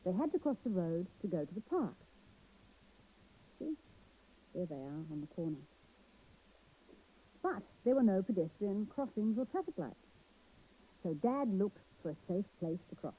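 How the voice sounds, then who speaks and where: Husky-voiced storyteller woman. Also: mid-range voice, moderate pace, pauses often, low-quality recording. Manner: gentle, expressive, asks the children questions. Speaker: children's TV presenter. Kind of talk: storytelling for young children.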